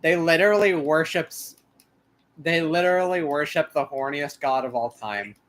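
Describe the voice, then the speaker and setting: A man's voice: a little high, normal speed, a bit bright, low-quality recording. A man hosting a casual chat, bantering and teasing his friend. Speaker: channel host.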